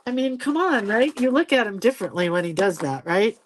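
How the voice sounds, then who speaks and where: A woman's voice: mid-range voice, very animated, a little fast, slight background noise. A woman in her sixties hosting a live drawing stream, chatting casually as she paints. She laughs often and jumps between stories and viewer comments.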